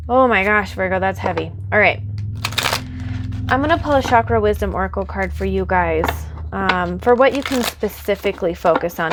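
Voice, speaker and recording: A woman in the middle of a tarot reading, talking straight to her viewer in an earnest, reassuring voice at an ordinary middle pitch. She sounds close to tears. Faint noise and the soft clicks of shuffled cards sit behind her. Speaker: tarot reader.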